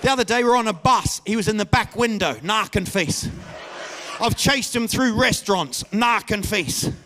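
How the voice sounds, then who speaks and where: A man doing a stand-up comedy routine on stage, telling stories and bursting into loud shouted impressions of the people in them. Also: sits high, moderate pace, slight background noise. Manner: animated storyteller, mimics people with loud shouted voices. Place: comedy stage before a live audience.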